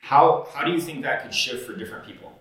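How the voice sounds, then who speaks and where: A man's voice: mid-range voice, quick pace, a bit bright. Man on a roomy, distant mic. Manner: earnest, coaching tone with fillers. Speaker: podcast co-host. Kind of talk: casual podcast chat. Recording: echoey room, off-mic.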